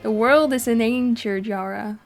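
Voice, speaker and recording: A woman's voice: fairly high pitch, normal speed. A woman streamer chatting casually to her viewers while she plays and reads the game's dialogue aloud, laughing easily. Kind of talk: casual gameplay commentary. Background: game music.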